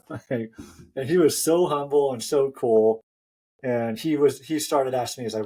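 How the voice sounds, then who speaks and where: A man's voice: medium pitch, moderate pace, mellow. A man hosting a running podcast, telling a story in a chatty way and laughing often. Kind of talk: casual chat.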